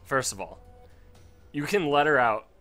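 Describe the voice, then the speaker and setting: Bright-voiced man ranting over gameplay. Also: medium pitch, expressive, measured pace, faint music behind. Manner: rambling, profane storytelling rant. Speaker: let's play gamer. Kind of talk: casual gameplay commentary. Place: home.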